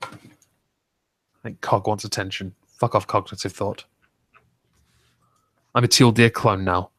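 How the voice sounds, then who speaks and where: Low-voiced man in banter. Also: steady tone, a little slow, a bit bright, slight background noise. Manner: swearing, joking banter. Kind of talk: casual group chat.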